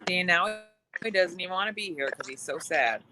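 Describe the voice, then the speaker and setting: A woman co-hosts a live stream, spinning teasing stories with dry humor. Her voice sits on the low side but moves lively up and down. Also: fairly quick, slight background noise, rough recording. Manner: joking storyteller, dry teasing. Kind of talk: casual live-stream chat.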